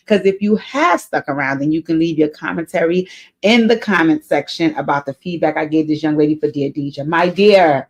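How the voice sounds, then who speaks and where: A woman's voice: sits low, fairly quick, a little mellow. A woman hosting an advice vlog, talking earnestly to a letter writer, often repeating her key phrases and getting emotional. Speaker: advice show host.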